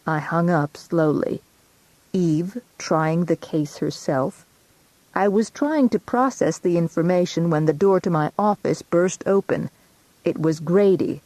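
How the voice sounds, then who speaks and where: A woman narrating a first-person audiobook with a low voice, steady and measured. The sound is dry and close, with no room around it. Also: dry recording.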